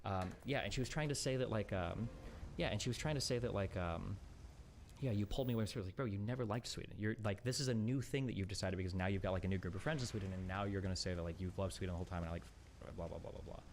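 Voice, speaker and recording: A man's voice: sits low, racing, a little hiss or hum. A man on a stream talking casually, retelling an argument in an aggrieved, filler-heavy way.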